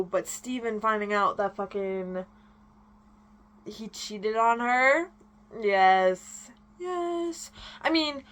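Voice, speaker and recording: A young woman vlogger ranting in casual chat, animated and swearing freely. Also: medium pitch.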